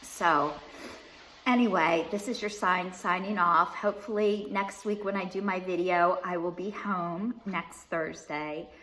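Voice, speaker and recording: Chatty woman clearing a tickly throat. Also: on the low side, fairly even intonation, a little slow, fairly bright tone, slight background noise. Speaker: vlogger. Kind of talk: personal recovery vlog, casual talk.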